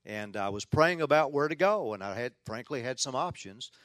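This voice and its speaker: A man's voice: medium pitch, expressive, moderate pace, a bit bright, dry recording. A middle-aged man from Tennessee with a Southern accent, praying and then preaching as a guest speaker, fervent and rising to emphatic declarations. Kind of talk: prayer and sermon.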